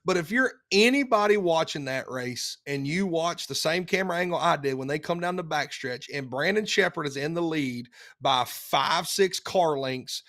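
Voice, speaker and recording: A man's voice: on the high side, expressive, moderate pace, few pauses, a bit bright. Male pit reporter, laid-back and joking co-host. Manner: joking, easygoing, laughs mid-sentence. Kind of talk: casual podcast chat.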